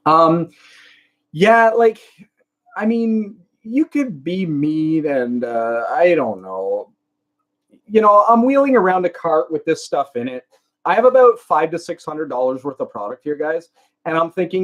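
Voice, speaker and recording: A man with a Canadian accent talks casually to his live-stream viewers, his voice sitting a little higher than most men's. He rambles through anecdotes with plenty of ums and likes. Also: sing-song, measured pace, fairly bright tone. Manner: rambling anecdotes with many fillers. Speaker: reseller vlogger answering live chat.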